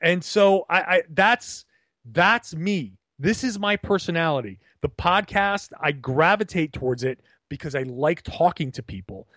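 Animated rambling man, slightly high voice. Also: a little slow, dry recording, studio quality. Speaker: podcast co-host. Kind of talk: casual podcast conversation. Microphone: remote call.

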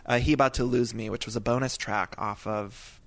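A man's voice: medium pitch, fairly even intonation, a little fast, no room sound. Enthusiastic man on a dry podcast mic. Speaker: podcast guest. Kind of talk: casual chat.

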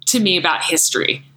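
A woman's voice: fairly low pitch, rough recording. An American woman co-hosting a fight-sports podcast, talking casually in a rambling, self-deprecating way and laughing often. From United States. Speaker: MMA commentator and podcast co-host.

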